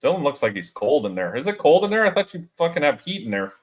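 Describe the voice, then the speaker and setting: A man's voice: fairly high pitch, very animated, quick pace, low-quality recording. A man hosting a casual chat with friends, swearing freely and laughing often. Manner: loose, profane and laughing. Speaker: podcast host.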